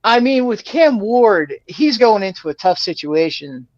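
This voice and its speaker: A podcast guest talking casually about football in a measured way, hedging often. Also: medium pitch, sing-song, no room sound. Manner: measured, hedging with "you know". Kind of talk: casual sports podcast chat. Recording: dull, dry, muffled sound.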